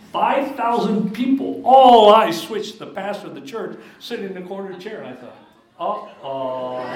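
A man giving a church seminar talk, telling stories with animated, emphatic swings into high excited tones. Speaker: guest speaker at church seminars. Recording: very echoey hall with faint room noise.

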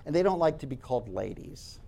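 Animated male storyteller, lively pitch. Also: a little fast, vocal fry. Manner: conversational, addresses listeners directly; acts out quoted voices. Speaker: speaker recounting campus talks.

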